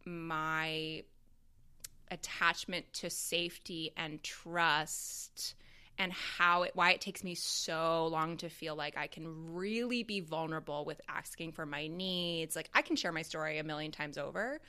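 A woman speaks reflectively about personal things in expressive, quick bursts. Her voice sits a little low yet rings bright and forceful. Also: smooth. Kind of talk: candid intimate conversation.

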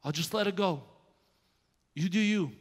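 A man voicing a gentle, patient God, speaking softly and quietly in a sermon story. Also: high voice, moderate pace. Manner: soft and hushed. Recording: long hall reverb.

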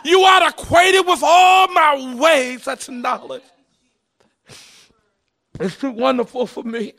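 A man preaching a sermon in a chanting, repetitive cadence, often rising into shouts and sing-song. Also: very high voice, steady tone, slow pace, creaky. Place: church.

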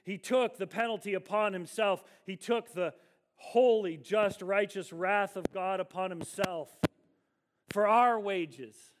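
High-voiced man preaching a sermon. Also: fairly even intonation, background noise. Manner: emphatic preaching, slowing on key words. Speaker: pastor.

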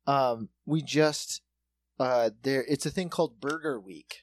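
A man's voice: mid-range voice, a little slow. A man in casual chat, ranting and swearing as he tells a story about a busy restaurant shift. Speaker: restaurant server and bartender.

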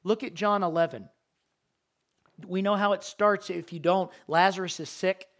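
A man's voice: high-pitched, steady tone, moderate pace, fairly bright tone. A man preaching a sermon, reading scripture verses aloud and explaining them, and repeating key phrases for emphasis.

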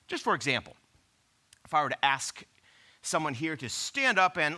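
A man preaching a sermon, conversational and animated, firing off rhetorical questions at the congregation. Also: fairly high pitch, moderate pace, pauses often. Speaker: pastor.

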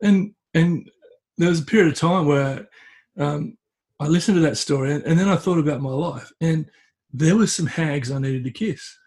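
Husky man telling a story hesitantly. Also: fairly high pitch, moderate pace, a little mellow. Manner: hesitant, restarts phrases, tells story with acted quotes. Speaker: podcast guest. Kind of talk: conversational storytelling. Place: at home with a cat.

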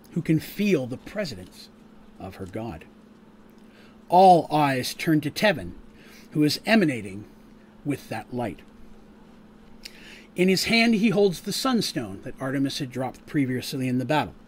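A man narrating a tabletop game as game master, casual and full of fillers, pausing to explain rules. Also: fairly high pitch, a little hiss or hum.

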